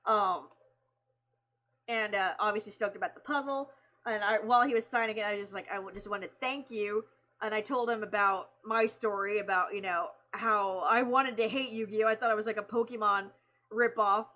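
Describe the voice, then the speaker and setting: A woman streamer excitedly telling a story in casual chat, laughing, swearing and acting out the people she quotes. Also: medium pitch, moderate pace, muffled recording.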